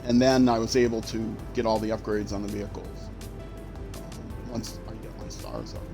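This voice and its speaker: A man's voice: on the low side, level tone, normal speed, music in the background. Rambling male game streamer. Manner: rambling, self-correcting, jokey asides. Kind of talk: casual gameplay commentary.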